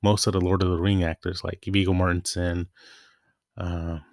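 A man's voice: deep voice, little pitch movement, normal speed, dry recording, clean studio sound. A young man hosting a casual solo podcast, chatty and rambling, often stopping to restart his thoughts. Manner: rambling, self-interrupting, chatty. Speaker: podcast host.

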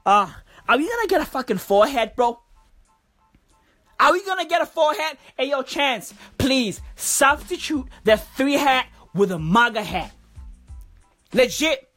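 A woman doing a comic rant, animated and profane, full of slang. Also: a little high. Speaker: comedy vlogger.

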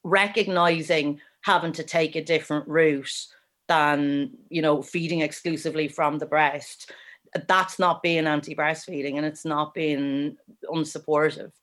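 A woman, co-hosting a podcast discussion in an earnest, measured way with soft hedges. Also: deep voice, steady tone. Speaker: podcast co-host and story reader.

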